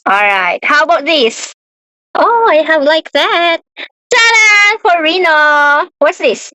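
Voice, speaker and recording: A young woman teaches a beginner English lesson, speaking slowly and patiently and repeating each word. Her voice is high and bright. The sound is dry and close. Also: very animated, dry recording, muffled recording. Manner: slow, patient, repeats words, laughs often.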